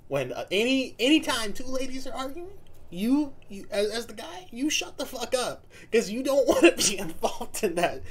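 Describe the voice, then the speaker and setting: A man giving casual, profane reaction commentary and laughing often. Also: high voice. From United States. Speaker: reaction video host.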